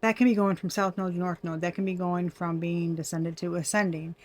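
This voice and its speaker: A woman doing a casual tarot reading for viewers, chatty and quick to laugh. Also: on the low side, little pitch movement, a little mellow. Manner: chatty, laughing often, addresses viewers as y'all. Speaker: tarot reader.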